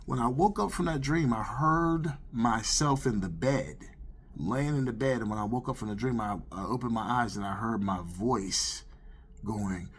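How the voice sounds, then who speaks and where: A man tells his personal faith testimony in an earnest, conversational way. His voice is husky, with a slightly rough grain, and it sits at an ordinary male pitch. He talks plainly, like he is telling a story to friends. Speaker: testimony speaker.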